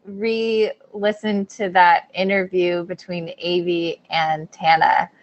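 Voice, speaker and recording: A woman's voice: fairly low pitch, level tone, takes it slowly, highs cut off. A woman, a festival organizer, joking playfully in a casual video call chat.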